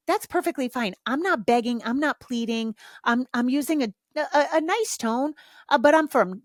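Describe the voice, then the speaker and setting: A woman's voice: fairly high pitch, animated, normal speed, no room sound. Middle-aged woman host, blunt and profane, casual parenting talk, dry close-mic sound. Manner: blunt, frank, swears freely. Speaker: podcast host, parenting coach. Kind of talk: casual chat, candid advice.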